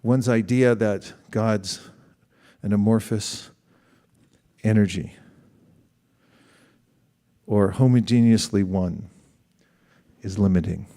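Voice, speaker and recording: A man's voice: fairly low pitch, fairly even intonation, slow pace, long pauses, warm tone. A middle-aged man giving a conversational sermon, asking the audience questions and acting out quoted exchanges. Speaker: spiritual teacher.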